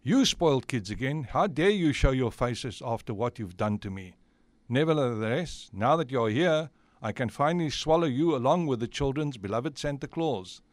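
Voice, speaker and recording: A man's voice: mid-range voice, lively intonation, normal speed, dry recording, close to an everyday voice. A man voicing a cruel, scheming female witch in a storybook tale, speaking with contempt. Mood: sneering. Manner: sneering and contemptuous. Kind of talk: storybook voice acting.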